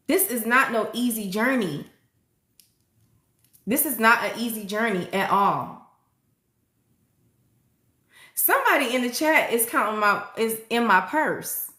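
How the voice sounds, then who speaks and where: Excitable woman livestream host, echoey room. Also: a little high, takes it slowly, long pauses. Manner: excitable, hypes viewers up, frequent "y'all". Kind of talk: casual livestream chat reading comments.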